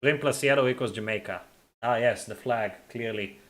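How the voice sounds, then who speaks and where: Speaking at normal speed in a slightly bright, mid-range voice, a young man hangs out on a live stream. He reads comments from viewers, teases and laughs a lot, and often stumbles and repeats himself.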